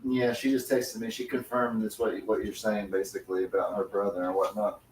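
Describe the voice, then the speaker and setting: A man's voice: on the low side, level tone, a little fast, far from the mic, a little hiss or hum. A man joining a casual livestream chat beside the host, with dry, jokey asides. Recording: roomy sound from off-mic.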